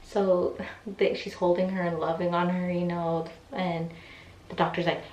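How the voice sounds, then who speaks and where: Young woman rambling thru a storytime, lotsa "like" and "you know", lowish voice, far from the mic in a roomy space. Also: level tone, measured pace, darkish tone. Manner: chatty, many fillers, acts out quoted voices. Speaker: vlogger. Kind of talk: casual storytime. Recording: echoey room, voice from off mic, faint ambience.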